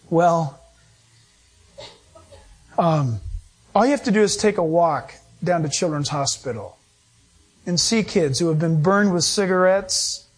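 A middle-aged male pastor preaching a sermon, emphatic and animated, acting out quoted voices. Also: high-pitched.

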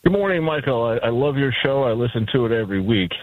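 A man calling in to a radio show to ask a question, eager and quick. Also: mid-range voice, expressive, no echo. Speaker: caller. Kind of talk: call-in question. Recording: tinny phone line.

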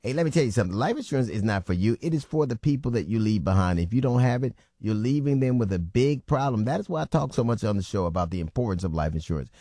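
Radio host, man, quick joking delivery over faint music. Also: lowish voice, expressive, dark tone, no room sound, studio quality. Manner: joking, emphatic. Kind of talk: comic radio talk and ad read.

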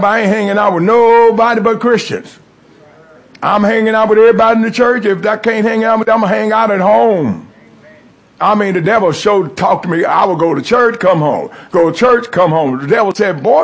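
A middle-aged man preaching a testimony sermon, calling out to the congregation. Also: high-pitched. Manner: call-and-response preaching, rising and falling emphasis.

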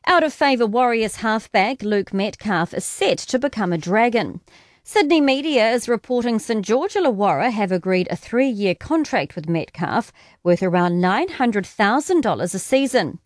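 A woman reading a scripted radio news bulletin in a crisp, even manner from a studio. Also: on the high side, normal speed, no echo. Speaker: radio newsreader.

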